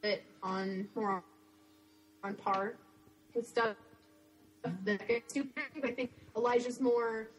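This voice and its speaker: A woman's voice: on the high side, steady tone, takes it slowly, pauses often, faint music behind, poor audio. A young woman co-hosting a casual fan podcast, gushing and giggly as she chats. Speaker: podcast co-host.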